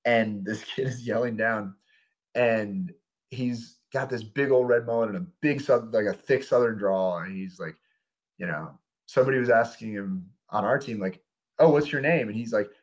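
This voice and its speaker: A young man, a minor league pitcher, telling stories in a casual podcast interview with frequent fillers. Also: normal speed. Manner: relaxed, rambling storyteller with frequent fillers.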